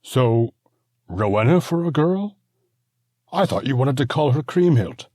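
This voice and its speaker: A man's voice: medium pitch, lively intonation, a little slow, a little mellow, dry recording, clean studio sound, voice pushed up. A man playing a nervous young husband and father who stammers and hesitates. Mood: flustered, stammering. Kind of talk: audiobook character voice.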